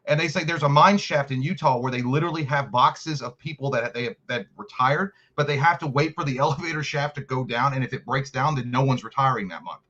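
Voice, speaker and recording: A man co-hosting a casual podcast, reading out viewer comments and chatting in a rapid, rambling way, swearing freely. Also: medium pitch, fairly bright tone, lo-fi sound. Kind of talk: casual profane chat.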